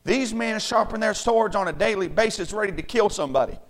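A man preaches to his church in a high-pitched voice. His tone is rough and gravelly. He swings between loud, emphatic calls and hushed, homely asides. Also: a little fast. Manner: swings from shouting to quiet, folksy and emphatic. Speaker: pastor. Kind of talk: sermon.

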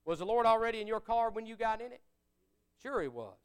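Male preacher, high voice, smooth and resonant, folksy, swings from loud to soft. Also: sing-song, brisk. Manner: folksy, rising to fiery shouts and dropping to quiet asides. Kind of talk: sermon.

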